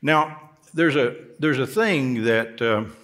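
A man's voice: mid-range voice, slow, fairly bright tone. A male pastor delivering a sermon in a church, folksy in tone and rising emphatically on key words. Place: church sanctuary.

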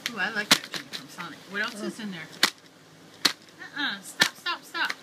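Woman, mother, playful sing-song, very lively pitch, noisy home video recording. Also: normal speed. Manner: playful, sing-song, talking to a small child. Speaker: mother vlogging with her young son. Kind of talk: casual home video chat.

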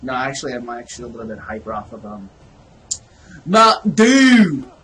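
A young man giving casual let's play commentary on a horror game, excitable and swearing, trash-talking the enemies with jokey running remarks and sudden yelps. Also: mid-range voice, very fast. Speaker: gamer playing a horror game.

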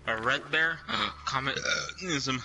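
Bright, teasing gamer guy. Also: mid-range voice, normal speed, soft background music, poor audio. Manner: teasing, laughs often. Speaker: gamer playing with a friend. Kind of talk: casual gameplay chatter.

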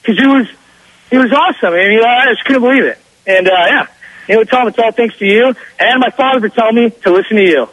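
A young male caller, boastful and excitable, with a fairly high, husky voice. He speaks on a dry, close phone line with little room sound. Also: fast talker, no echo. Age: young adult. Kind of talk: casual storytelling on a call-in show.

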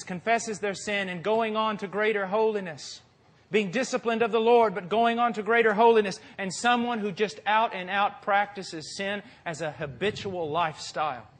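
A man preaching a sermon with passion, moving from quiet, deliberate phrases to forceful peaks. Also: high-pitched. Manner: impassioned, swings from quiet to forceful.

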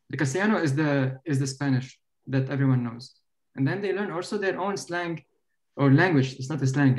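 A man hosting a casual panel discussion over a video call, thinking aloud with lots of halting restarts. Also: mid-range voice, a little mellow, poor audio. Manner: hesitant, many restarts, laughs easily. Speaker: panel host.

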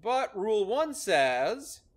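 Lively high-voiced man explaining gameplay. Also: slow pace. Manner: explanatory, upbeat, laughs often. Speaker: host explaining a maze algorithm in a game. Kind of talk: casual gameplay commentary.

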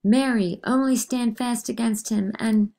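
A woman's voice: on the high side, steady tone, unhurried, pitched above the performer's own voice. A woman reading a play aloud, voicing a desperate, defiant middle-aged farmer who speaks with impassioned force. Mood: urgent. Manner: impassioned, shouting.

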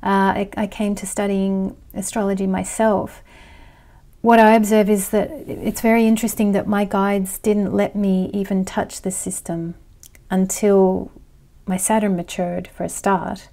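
A woman's voice: mid-range voice, flat delivery, measured pace, mellow. A middle-aged woman hosting an astrology channel, talking to her viewers in a personal, reflective way with hesitant restarts. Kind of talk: casual monologue to viewers.

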